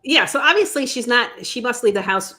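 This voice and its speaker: A woman co-hosting a casual news podcast, her voice bright and forward. She rambles through gossip, hedging with "allegedly" and filling pauses with ums. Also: on the high side, animated. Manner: chatty, hedging with fillers and "allegedly". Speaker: podcast co-host.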